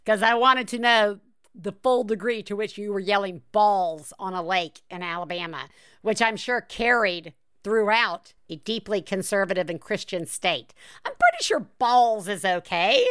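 A woman's voice: medium pitch, animated, a little slow, fairly bright tone, smooth. A woman podcast host from the American South, telling stories in casual chat with frequent laughs and fillers. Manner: chatty, laughs often, filler-heavy storytelling.

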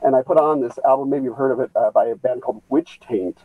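A man calling in over a video call, talking in a rambling, halting way with many restarts. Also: mid-range voice, no echo. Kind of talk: rambling casual chat. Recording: tinny phone-like call line.

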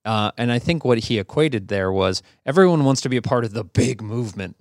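A man co-hosting a podcast, telling a story in a relaxed, rambling way with a gravelly voice. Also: mid-range voice, fairly quick, no room sound, studio quality. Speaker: podcast co-host. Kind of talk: casual chat, storytelling.

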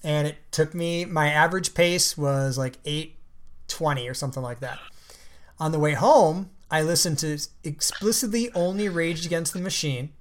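A man in casual chat on a call, joking in a deadpan way. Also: fairly high pitch, moderate pace. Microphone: remote call mic.

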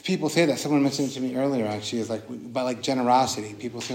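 A man teaches meditation in a relaxed, earnest way and often restarts his sentences. His voice sits at an ordinary mid pitch and rings with the echo of a roomy hall. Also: very fast, few pauses. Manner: casual and earnest, with many restarts and "like". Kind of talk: dharma talk at a retreat.

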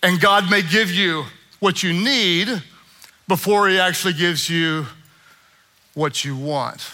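Male pastor, high and very bright voice, preaches with call-and-response. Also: slow. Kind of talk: sermon. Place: church sanctuary with congregation.

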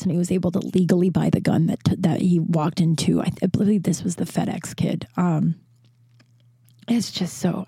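A woman in her thirties from Colorado, speaking to camera in an emotional personal monologue, halting and full of restarts and swearing, close to tears. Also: medium pitch, warm tone, dry recording. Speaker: vlogger.

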